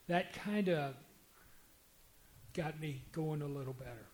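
An older man, a former pastor and panel guest in a church, slowly and earnestly telling a story from his marriage. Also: a little high. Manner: slow, reflective, earnest. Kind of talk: personal storytelling.

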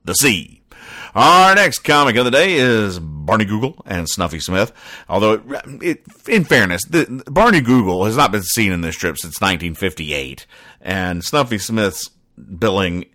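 Low bright-toned deadpan man. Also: a little slow, no room sound. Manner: dry, rambling, stops and restarts. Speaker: comedy podcast host. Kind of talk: deadpan comic-strip commentary.

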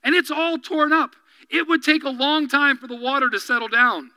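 A man preaching a sermon as pastor, animated, dropping to quiet intense asides and acting out quoted voices. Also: very high voice, moderate pace, no echo, poor audio. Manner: acts out quoted voices and dialogue.

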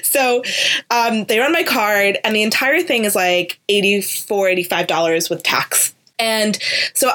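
A woman's voice: mid-range voice, a little slow. A woman in her twenties, a podcast co-host, casually telling a story with lots of "like" and some swearing. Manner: animated, fills speech with "like", swears casually.

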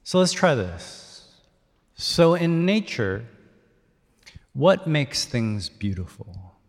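A male pastor leads his congregation through a sermon, coaxing them to answer back. His voice sits at an average pitch and swings from hushed reflection to eager shouts. A long hall reverb trails each phrase. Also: very slow. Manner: leads the congregation in call-and-response, rising to excited shouts. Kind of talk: interactive sermon. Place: church hall.

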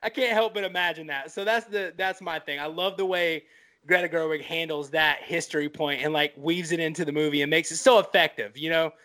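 Bright, rambling male podcast co-host. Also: fairly high pitch, steady tone, a little fast. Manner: rambling, filler-heavy, enthusiastic. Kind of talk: casual film podcast chat.

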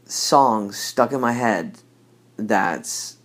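A man's voice: lowish voice, lively intonation, very slow. A man hosting a podcast in a rambling, laid-back monologue, often correcting himself. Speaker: podcast host.

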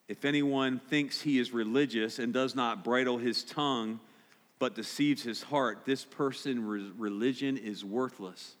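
A man's voice: medium pitch, steady tone, measured pace, fairly bright tone. A man preaching a sermon as pastor, direct and emphatic, repeating key points. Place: church sanctuary. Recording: long hall reverb.

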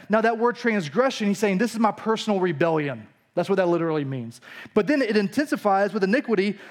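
A preacher with a drawl and a fairly high voice talks through scripture like a friendly teacher. His delivery is loose and chatty, full of restarts and homespun asides. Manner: casual teaching tone with frequent restarts and storytelling asides. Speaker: pastor. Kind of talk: conversational sermon.

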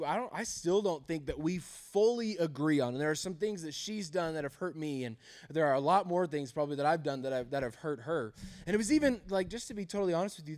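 A man's voice: sits high, darkish tone. A male pastor preaching a sermon, telling humorous, self-deprecating stories about his marriage and laughing often.

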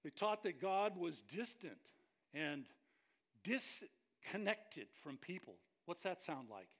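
A man preaching a sermon as pastor, animated and joking with the congregation. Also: sits high, slow.

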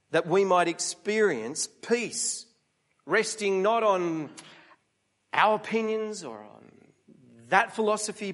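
A man's voice: sits high, fairly bright tone. A middle-aged man preaching a conversational sermon, often asking his listeners rhetorical questions.

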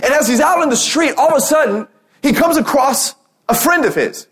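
A man preaching a sermon as pastor, telling a parable with lively acted-out quotes and rallying calls. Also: very high voice, fast. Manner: animated storytelling, acting out quotes.

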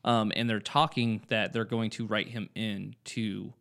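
A man's voice: on the low side, little pitch movement, a little slow, vocal fry, fairly bright tone. A man hosting a casual group podcast chat, loose and jokey, laughing often.

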